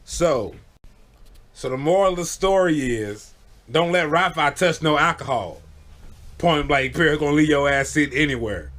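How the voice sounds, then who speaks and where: A man's voice: fairly high pitch, expressive, normal speed, fairly bright tone. A man telling stories casually into the camera, laid-back and profane, often checking in with his listeners. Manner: laid-back, profane, keeps saying "you know what I'm saying". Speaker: vlogger. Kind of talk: casual storytelling.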